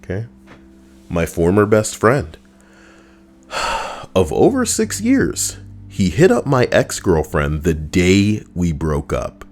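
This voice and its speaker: A man's voice: sits low, huge pitch swings, takes it slowly, pauses often, a little mellow. A man giving crude, mocking comedic reactions to stories he reads out, ranting as he goes. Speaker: online commentator.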